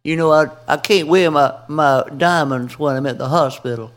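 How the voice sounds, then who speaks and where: A woman's voice: low-pitched, normal speed, pitched below the performer's own voice, natural voice. A man doing a wry elderly lady. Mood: chatty. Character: genteel elderly Southern woman, chatty and wry.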